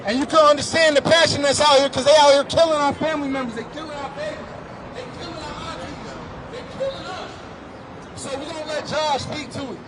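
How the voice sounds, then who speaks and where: A man leading a street protest, calling out rhythmic chants and introducing speakers. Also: very high voice. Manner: loud, rhythmic, drawn-out chanting. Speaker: rally leader. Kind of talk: call-and-response protest chanting. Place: outdoor city street protest. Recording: street protest recording with crowd and traffic.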